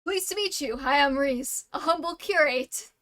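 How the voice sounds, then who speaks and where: A woman voicing a kindly old male healer priest who speaks in a gentle, courtly, fussing way. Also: high-pitched, normal speed.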